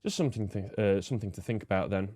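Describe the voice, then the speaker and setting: A man's voice: on the low side, fast, warm tone, no echo, clean studio sound. Disdainful man ranting. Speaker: host. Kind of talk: political commentary.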